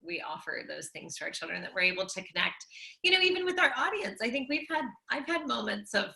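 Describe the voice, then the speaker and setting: A woman's voice: medium pitch, very animated, fast talker, vocal fry, sharp tone. A woman co-hosting a casual conversation, talking reflectively in loose sentences full of fillers. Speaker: co-host.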